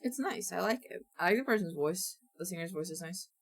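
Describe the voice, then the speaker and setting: A woman streamer with a fairly low, gravelly voice chats briskly with lively intonation while she works, with faint music behind her. She's goofy and rambling, talks to herself, and keeps hiccuping.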